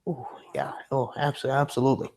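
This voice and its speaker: A man's voice: mid-range voice, fairly quick, a little mellow. A man talking casually to his chat on a livestream, still recovering from being sick. He rambles, hesitates and restarts his sentences often. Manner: rambling and hesitant, trips over his words. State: recovering from illness.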